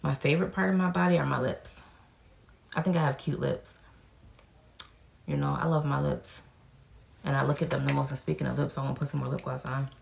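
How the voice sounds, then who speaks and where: A woman's voice: very deep voice, steady tone, fairly quick, vocal fry, long pauses. A young woman, chatting frankly and casually as a vlogger answering viewer questions, cursing now and then. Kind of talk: casual Q&A vlog.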